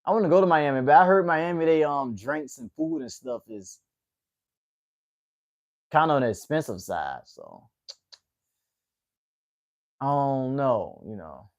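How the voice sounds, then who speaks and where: A man's voice: mid-range voice, animated, measured pace, long pauses. A man in his late twenties from Atlanta with a Southern accent, hosting a casual livestream and chatting with viewers. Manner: laid-back, chatty, reacting to chat. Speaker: livestream host.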